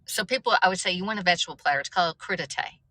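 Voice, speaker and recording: Woman, middle-aged, casual live chat, laughs at herself, bright tone. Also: fairly low pitch, very fast, dry recording, rough recording. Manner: chatty, laughs at herself, stumbles over words. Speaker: livestream host.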